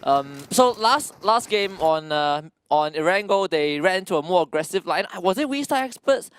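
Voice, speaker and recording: A man with a high voice gives quick play-by-play for a live esports broadcast. He giggles often and exclaims at the action. Faint clicks sit behind him. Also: lively intonation, fairly bright tone, a little hiss or hum. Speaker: esports caster.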